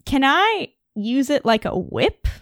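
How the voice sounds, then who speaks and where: Animated woman playing a tabletop game. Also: sits high, slow, no echo, studio quality. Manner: animated, joking, narrates her character's actions. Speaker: player.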